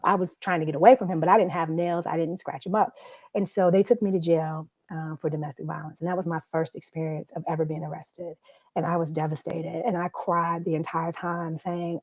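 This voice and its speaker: Woman, conference speaker, earnest and halting, lowish voice, dry muffled video-call sound. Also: fairly even intonation, no echo. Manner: earnest, halting, with restarts and soft laughs. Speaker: guest speaker, domestic violence survivor. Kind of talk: personal testimony at a conference. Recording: dull, dry audio.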